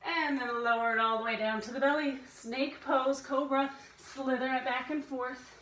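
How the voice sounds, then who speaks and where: A woman's voice: high-pitched, fairly even intonation, moderate pace, fairly bright tone, roomy sound, far from the mic, slight background noise, low-quality recording. A woman instructor guiding a family yoga class, playfully cueing breaths and inviting animal sounds.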